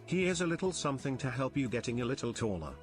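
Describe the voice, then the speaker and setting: Brief: mid-pitched male text-to-speech, flat machine read, faint music behind. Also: fast talker. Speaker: text-to-speech donation reader. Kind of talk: synthetic reading of chat messages.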